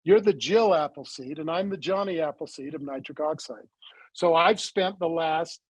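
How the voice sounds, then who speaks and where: A man with a high, husky voice talks as a guest on an interview, recorded close in a dry, dead space. He tells his story in a lively way and acts out the conversations as he goes. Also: moderate pace, dry recording, low-quality recording. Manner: animated storyteller who acts out quoted dialogue. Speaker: interview guest, supplement company founder.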